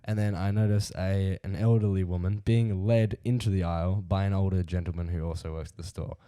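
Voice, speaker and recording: Young Australian guy, lowish voice, casual storyteller who laughs through his yarns, podcast co-host. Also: fairly even intonation, fairly quick, dark tone, clear, resonant tone.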